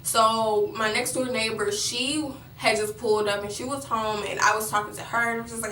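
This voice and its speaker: A woman's voice: on the high side, fairly even intonation, moderate pace, hardly any pauses, a bit bright, echoey room, recorded from a distance, slight background noise, poor audio. A young woman vlogger telling a personal story in a rambling way, with many fillers and restarts.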